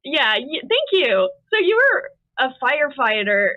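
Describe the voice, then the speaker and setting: A woman hosts an interview and asks upbeat, friendly questions. Her voice sits a little high and reaches us thin and phone-like. There is no room echo. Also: sing-song, measured pace. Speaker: interview host. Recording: tinny phone-like line.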